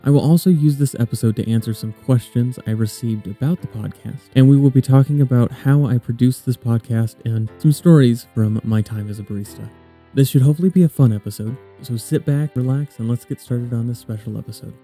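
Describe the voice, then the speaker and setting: A man's voice: mid-range voice, fairly quick, soft background music. A man hosting a podcast, chatting casually while tasting coffee and reading an episode intro. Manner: relaxed, tasting and describing coffee. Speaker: podcast host. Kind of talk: casual chat and scripted intro.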